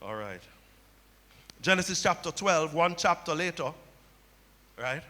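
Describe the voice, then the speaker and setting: High bright-voiced preacher in a reverberant hall. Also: male voice, expressive, a little slow. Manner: storytelling preacher, repeats key phrases, speaks to congregation. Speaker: pastor. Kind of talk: sermon. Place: church sanctuary.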